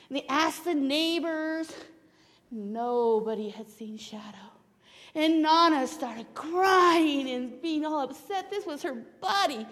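A woman telling a Bible story to children in church, animated, with hushed whispers. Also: high-pitched. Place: church sanctuary. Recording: long hall reverb of a church.

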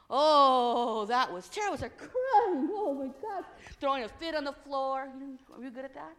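A woman telling an expressive story to children during a church service. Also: sits high, moderate pace, long reverb tail.

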